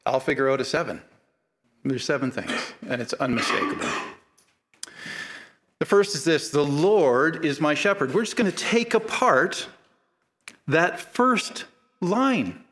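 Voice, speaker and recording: A man's voice: fairly high pitch, a bit bright. A man preaching a sermon to a live congregation, talking casually with humor and building to emphatic repeated phrases. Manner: conversational, building emphatic repetition.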